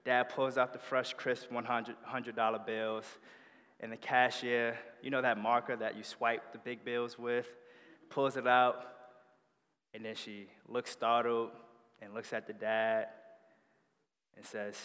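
A man preaching a sermon, telling stories in an animated way that builds in energy. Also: medium pitch, measured pace. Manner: animated storytelling with rising energy. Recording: long hall reverb.

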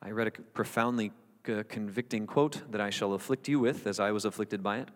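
A man's voice: fairly low pitch, a little fast, big-room sound. A man preaching a sermon as the pastor, earnest and conversational, with wry asides to his congregation.

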